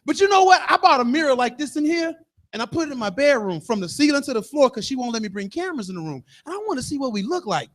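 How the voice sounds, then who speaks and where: A man in his fifties performing live stand-up comedy in a bar, loud and animated, acting out characters as he goes. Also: extremely high pitch, fast. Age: 50s. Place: bar stage.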